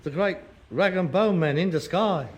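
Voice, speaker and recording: A man's voice: high-pitched, moderate pace, slight background noise, natural voice. An actor playing a sardonic grown son who mocks his father, in a broadcast sitcom. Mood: sarcastic. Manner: sarcastic, mocking, scornful.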